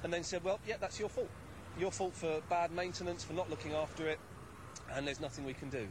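A man's voice: on the high side, fairly even intonation, fairly quick, heavy background noise. A young British man giving an aggrieved, insistent interview for a consumer news report, played from an archive TV clip.

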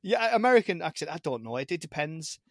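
A man's voice: a little high, big pitch swings, fast, fairly bright tone, no room sound, studio quality. Rambling man with a strong British accent. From Britain. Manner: rambling, many restarts and repeated words. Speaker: podcast guest. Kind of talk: casual chat.

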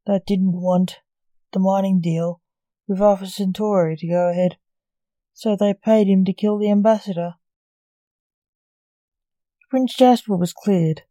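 A woman reads a story aloud at a slow, steady pace. Her voice is dark and mellow, recorded close with no room sound. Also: mid-range voice, dry recording. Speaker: narrator. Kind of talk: storybook reading.

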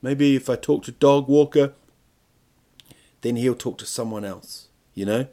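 A man's voice: mid-range voice, measured pace, warm tone. A man hosting a podcast, talking alone in a rambling, jokey way that keeps breaking off and restarting, with plenty of swearing. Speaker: podcast host. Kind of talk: rambling comedic monologue.

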